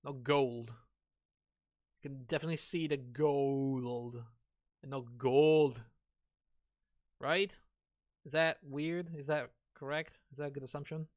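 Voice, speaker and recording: Male streamer, casual gaming chat, thinks out loud, slightly high voice, dry close sound. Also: fairly even intonation, moderate pace, dry recording. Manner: musing aloud, asking himself questions.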